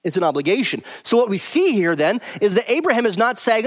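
Man preaching emphatically in a high voice. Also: big pitch swings, fast. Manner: emphatic, repeats key points for stress. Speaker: Bible teacher. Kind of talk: verse-by-verse Bible teaching.

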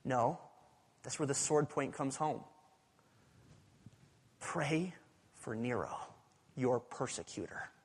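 A male pastor preaching a sermon, swinging between loud urgent passages and hushed, near-whispered lines. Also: high voice, slightly rough. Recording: preaching in a large reverberant hall.

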